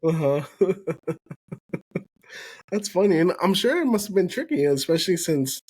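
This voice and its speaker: A man's voice: sits high, big pitch swings, a little slow, a little mellow, breathy edge. A man hosting a casual podcast interview, agreeing often and laughing along with his guest. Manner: affirming, frequent "mm-hmm" and laughs. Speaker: podcast host.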